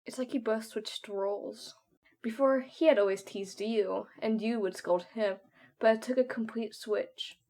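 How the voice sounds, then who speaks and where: A woman's voice: on the high side, measured pace, warm tone. A woman narrating a second-person fan story to the listener.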